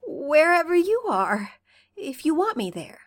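Brief: woman reading as a tender young man, soothing and hushed, unhurried, dry close sound. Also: a little high, lively intonation, no echo. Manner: soft, soothing. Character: gentle, caring young man, soft-spoken.

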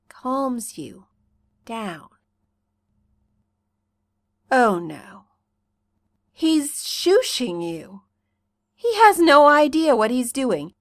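Brief: woman narrator, slightly high, very slow, intimate storytelling, dry close sound. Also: a bit bright, no room sound. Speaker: reader. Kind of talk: fan fiction reading in second person.

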